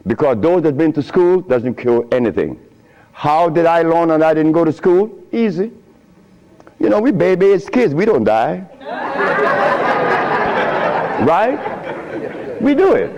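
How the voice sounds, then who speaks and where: A man with a slightly high voice gives an informal lecture to an audience at a measured pace, pausing often. He tells stories animatedly with loose grammar and frequent chuckles, and the audio has its highs cut off.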